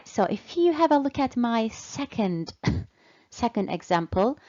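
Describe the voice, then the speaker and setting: A woman teaching English in a slow, deliberate way, patiently repeating and stretching out key words for learners. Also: on the high side, highs cut off. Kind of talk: slow, deliberate language lesson.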